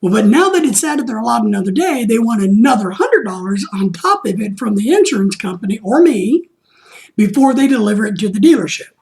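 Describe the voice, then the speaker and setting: A man's voice: high voice, very animated, a little fast, gravelly, a little mellow. A man hosting a vlog, casually recounting an exasperating week with lots of reenacted phone calls. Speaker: vlog host.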